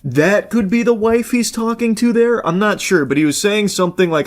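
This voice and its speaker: A man's voice: sits high, animated, normal speed, few pauses. A man giving blunt, casual reaction commentary, talking loosely with plenty of fillers.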